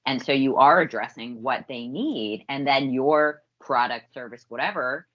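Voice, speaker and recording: A woman's voice: very deep voice, moderate pace, lo-fi sound. A woman co-hosting a podcast, chiming in with short agreements and then giving sales advice in a casual way. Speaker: podcast co-host. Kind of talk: casual chat.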